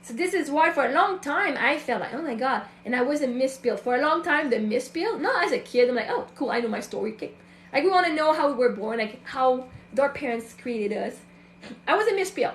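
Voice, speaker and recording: A woman in her thirties with a high, bright-pitched voice talks through a candid personal reflection as a show host. Her delivery is chatty and loose, full of fillers and quoted inner thoughts. The recording carries a noticeable roomy echo. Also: lively intonation, fairly quick, slight background noise. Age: 30s.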